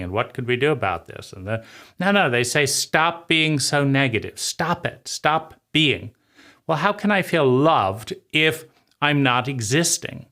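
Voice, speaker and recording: A man with a bright, forward voice talks through a reflective personal-growth monologue. He repeats phrases for emphasis and slips into a child's first-person thoughts. His sentences often restart and fade toward their ends. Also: mid-range voice. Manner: repetitive, emphatic phrasing, speaking as a child's inner voice. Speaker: channel host.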